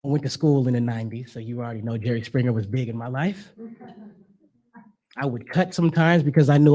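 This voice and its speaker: A man's voice: mid-range voice, expressive, quick pace, darkish tone. A man performing spoken word as a guest speaker at a church service, rhythmic and emphatic, with casual slang. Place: church sanctuary.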